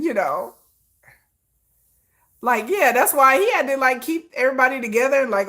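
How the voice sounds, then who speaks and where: A woman hosting a casual pop-music commentary show, talking in a gushing, excitable way with frequent restarts. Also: high-pitched, moderate pace, pauses often. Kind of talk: casual chat.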